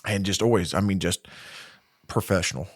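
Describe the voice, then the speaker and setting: A man with a Midwestern American accent, a podcast guest telling a story in a relaxed, rambling way with many fillers and restarts. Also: deep voice, moderate pace, breathy edge, dry recording, clean studio sound. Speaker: podcast guest, corrections lieutenant. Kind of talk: casual storytelling interview.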